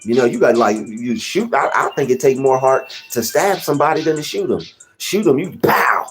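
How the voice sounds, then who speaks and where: A young man hosting a casual livestream, rambling and giving shout-outs to chatters by name. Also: mid-range voice, animated, fairly quick, soft background music. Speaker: livestream host.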